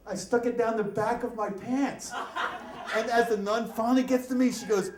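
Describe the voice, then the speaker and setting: A middle-aged man telling a story live on stage, acting out shouts and voices as he goes. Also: very high voice, normal speed, a crowd in the background. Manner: animated, acts out shouts and voices. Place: storytelling event venue. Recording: echoey room, faint ambience.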